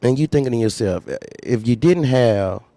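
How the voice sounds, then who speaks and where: A man's voice: mid-range voice, animated, moderate pace, dark tone, dry recording. A man who runs a trucking company, candidly telling a story in a blunt, profane way and repeating phrases for emphasis. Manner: acts out others' lines in raised voice.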